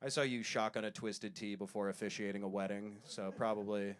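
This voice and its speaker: A man telling stories in a stand-up comedy set, self-deprecating, with quick asides. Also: on the low side, little pitch movement, a little hiss or hum.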